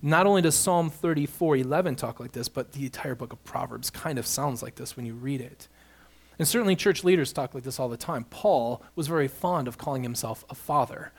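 A man's voice: mid-range voice, a little fast. A man preaching an expository sermon, building emphasis on key points as he walks through scripture. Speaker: pastor.

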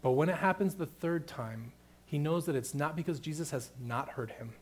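Middle-aged male pastor with a slightly high voice, mid-sermon, swinging from hushed to emphatic. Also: moderate pace. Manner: shifts from hushed, tender delivery to loud emphatic questioning.

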